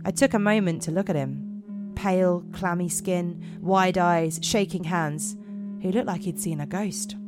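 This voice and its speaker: A woman's voice: lowish voice, a little slow, hardly any pauses, over music. A woman podcast host reading horror stories aloud in a put-on American accent, dramatic and giggly with slips.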